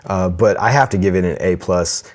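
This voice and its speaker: A man's voice: low voice, moderate pace. A man co-hosting a casual podcast, grading a movie and leading the chat, often restarting his phrases. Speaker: podcast co-host.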